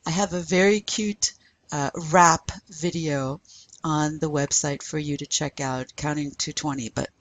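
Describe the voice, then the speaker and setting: A woman teaching a recorded French lesson, spelling words letter by letter and drilling pronunciation patiently. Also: low-pitched. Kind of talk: recorded online lecture.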